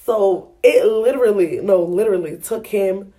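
A woman hosts a podcast in casual chat, spinning a story with lots of slang and animated swings in her voice. She laughs easily and keeps the telling loose and lively. Her pitch sits in the ordinary middle for a woman. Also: normal speed. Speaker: podcast host.

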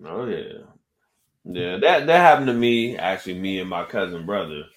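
A man co-hosting a podcast, telling a story in a casual, animated way and acting out the people in it. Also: low voice, moderate pace. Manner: animated storyteller, acts out quoted exchanges. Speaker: podcast co-host. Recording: roomy echo.

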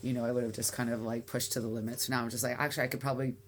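Very low-voiced Canadian woman, chatty. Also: little pitch movement, rapid-fire, slight background noise. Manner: chatty, rambling, many fillers and restarts. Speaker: guest, bagel shop founder. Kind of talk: casual interview chat.

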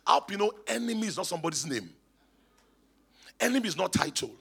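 A man's voice: high voice, very animated, fast, creaky, sharp tone, husky. A man, a bishop preaching emphatically in church and calling on the congregation to respond. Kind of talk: sermon. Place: church hall.

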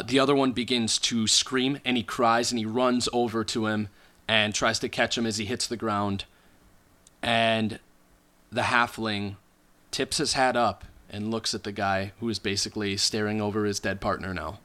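Bright-voiced male game master, relaxed narrator. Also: lowish voice, normal speed.

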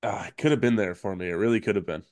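Low-voiced man hosting a casual chat. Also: very fast, no room sound, clean studio sound. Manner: laid-back, rambling with fillers and soft laughs. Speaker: podcast host.

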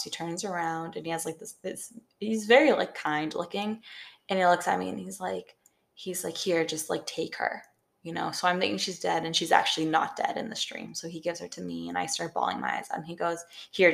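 Speaking briskly and flatly, a young woman with a lowish, creaky, slightly bright voice co-hosts a podcast. She wanders through a long story in casual conversation, leaning heavily on "like."

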